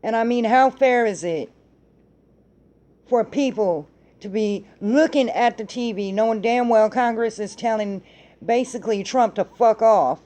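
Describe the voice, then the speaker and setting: A woman's voice: a little high, unhurried, dark tone. A middle-aged woman hosting a talk show, ranting angrily about politics with plenty of swearing. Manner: angry, profane ranting. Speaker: podcast host. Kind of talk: heated political commentary.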